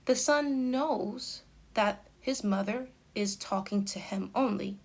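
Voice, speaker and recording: A woman teaching an English grammar lesson at an unhurried pace. She lays out each example sentence with careful, deliberate emphasis, like a patient tutor. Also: mid-range voice, vocal fry. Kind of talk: slow explanatory grammar lesson.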